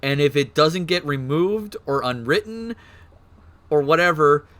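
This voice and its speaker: Excitable man chatting on stream. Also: fairly high pitch, measured pace. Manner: excitable, swears, restarts and laughs often. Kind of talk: casual stream chat about game lore.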